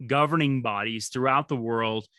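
Bright, earnest man hosting a podcast. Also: medium pitch, normal speed, no room sound. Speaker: podcast host, strength coach. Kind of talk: casual podcast conversation.

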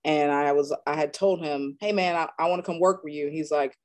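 Animated woman telling career stories. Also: a little fast. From North Carolina, USA. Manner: animated, acts out quoted dialogue with big pitch jumps. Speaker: strength and conditioning coach. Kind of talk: casual storytelling in an interview.

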